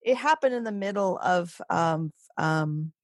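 Halting, laughing woman guest in an interview. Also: fairly low pitch, lively intonation, no echo, studio quality. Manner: halting, many restarts and soft laughs. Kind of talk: conversational interview.

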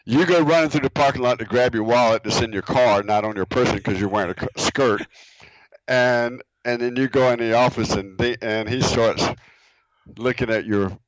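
A man's voice: medium pitch, no echo. Man telling stories over muffled audio. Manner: chuckling, halting storyteller. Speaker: guest, former boss. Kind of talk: casual anecdote telling.

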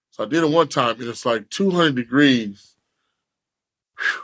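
Animated, profane man telling a story. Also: on the high side, unhurried, pauses often, no echo, clean studio sound. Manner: animated, profane, acts out quotes. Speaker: podcast guest telling a story. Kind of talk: casual storytelling.

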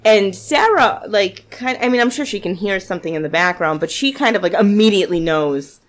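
A woman's voice: medium pitch, lively intonation, fairly quick. A woman co-hosting a casual podcast chat about a TV show, chatty and reflective, often saying "like". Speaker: podcast co-host.

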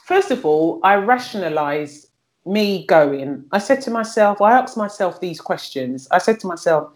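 A middle-aged woman with a notably low voice talks candidly as a guest. She is frank and earthy, often doubling back on her words, and she keeps a plain conversational tone. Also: expressive, unhurried. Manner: frank and earthy, repeats words while searching for them.

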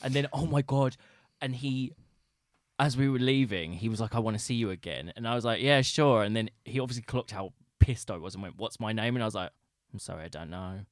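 A man's voice: lowish voice, fairly quick, no echo, studio quality. A young man from Britain co-hosting a casual chat, telling self-mocking stories in a playful way. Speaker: podcast co-host.

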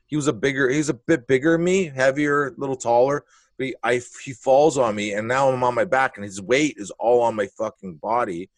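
A male comedian spins a rowdy story in loose, blunt talk, swearing as he goes. His voice is mid-range and unremarkable in pitch. The sound is dry and close to the mic. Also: a little fast, no echo. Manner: animated, blunt, profane storytelling with acted-out moments. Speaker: comedian guest. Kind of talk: casual storytelling.

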